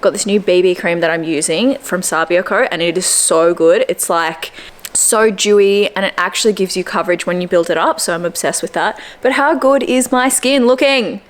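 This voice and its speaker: Talking at a normal pace, a young fitness vlogger gives a casual, chatty rundown of her day at home to the camera. She sounds upbeat, occasionally switching to a squeaky baby voice for her dog.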